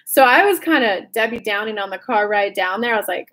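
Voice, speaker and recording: A woman's voice: fairly high pitch, lively intonation, fairly quick, hardly any pauses, fairly bright tone. Upbeat chatty woman reading cards. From California. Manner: chatty and upbeat, laughs at her own slips. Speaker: intuitive card reader. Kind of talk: casual horoscope card reading.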